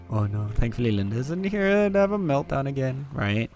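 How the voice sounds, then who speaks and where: Playful, lively male game streamer. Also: mid-range voice, normal speed, soft background music. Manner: playful, teasing, laughs often. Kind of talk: casual live-stream chat.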